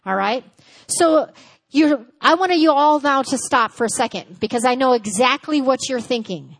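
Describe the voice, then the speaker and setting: A woman giving a teaching sermon at a church service, lively and conversational, acting out little dialogues and checking in with her listeners. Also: fairly high pitch, normal speed. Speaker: church speaker.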